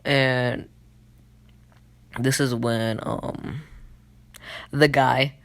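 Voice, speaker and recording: A man casually recapping an anime storyline on his own channel, full of fillers and loose swearing. His voice sits at an average pitch with a gravelly rasp. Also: steady tone, drawn-out words, fairly bright tone. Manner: rambling, lots of fillers and swearing. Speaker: channel host. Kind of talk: casual anime plot retelling.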